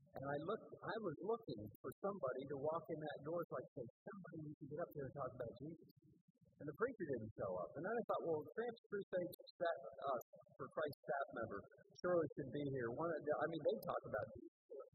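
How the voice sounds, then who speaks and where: A man's voice: fairly high pitch, big pitch swings, fast talker, breathy edge, no echo, phone-quality sound. An older man preaching, telling his testimony earnestly and building to emphatic declarations. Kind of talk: testimony sermon.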